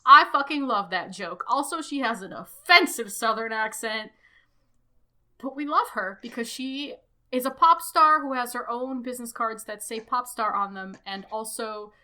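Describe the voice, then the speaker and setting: A woman's voice: on the high side, moderate pace. A woman co-hosting a podcast, chatting casually and jokingly with frequent swearing and an American accent. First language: English; also fluent in Russian. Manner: animated, swearing, jokey. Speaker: podcast co-host. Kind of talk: casual chat.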